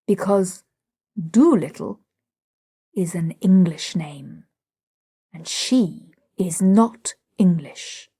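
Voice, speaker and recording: A woman's voice: lowish voice, drawn-out words, pauses often, mellow, slightly rough, no echo, studio quality, full character voice. Woman voicing a pompous man. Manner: grand, self-assured declarations. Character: pompous Hungarian man, boastful self-styled expert. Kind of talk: audiobook drama reading.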